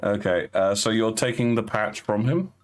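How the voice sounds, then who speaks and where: A man narrating as game master of a tabletop game, halting with fillers and restarts. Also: fairly low pitch, soft background music.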